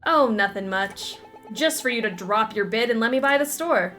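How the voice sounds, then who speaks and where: Woman reading as a smooth blackmailing rival guy, polite but menacing, higher voice. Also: animated, moderate pace, sharp tone, soft background music. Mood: scheming. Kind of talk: reading game dialogue aloud.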